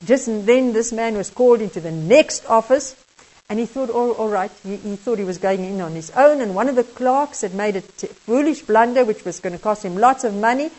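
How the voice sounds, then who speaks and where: A woman with a South African accent preaching a sermon as a story, halting and restarting often. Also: on the high side, expressive, darkish tone, low-quality recording.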